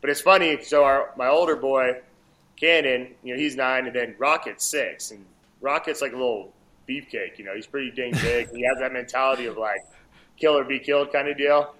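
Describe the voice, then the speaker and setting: A man in his thirties, a fighter and father, chatting in a relaxed, rambling way with many "you know"s and restarts. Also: medium pitch, moderate pace, poor audio. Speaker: guest, MMA fighter. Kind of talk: casual interview chat.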